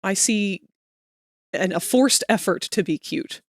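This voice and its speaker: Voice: mid-range voice, slow, dry recording, clean studio sound. Giggly streamer chatting while drawing. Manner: giggly, laughs often, rambling. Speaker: streamer drawing furry art. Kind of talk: casual chat on a live stream.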